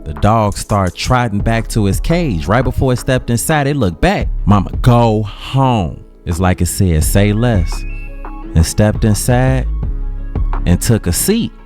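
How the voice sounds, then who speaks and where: A man with a Chicago accent narrating a dramatic story in a slangy, casual way with dramatic pauses. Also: on the low side, big pitch swings, soft background music.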